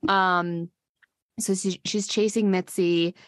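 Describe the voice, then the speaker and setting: A woman's voice: on the low side, steady tone, takes it slowly, no echo, studio quality. A woman co-hosting a casual podcast, chatting with lots of fillers and restarts and acting out quotes from a film. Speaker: podcast co-host. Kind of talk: casual chat recapping a film.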